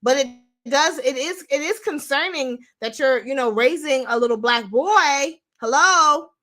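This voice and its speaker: A woman's voice: sits high, animated, a little slow, pushed and bright. A young adult woman hosting a casual commentary show, talking blunt and sassy straight to her viewers. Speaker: show host.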